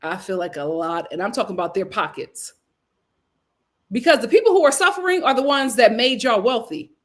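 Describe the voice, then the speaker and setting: A young woman hosting a live recap stream, chatting casually, reading viewer comments, laughing often and swinging between loud outbursts and murmured asides. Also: on the high side, animated, brisk. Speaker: live recap show host.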